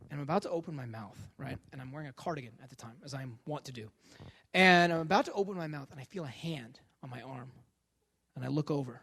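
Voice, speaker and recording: A man giving a lecture as a comic story, animated and self-deprecating, acting out the dialogue. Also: medium pitch, fast, gravelly, slight background noise.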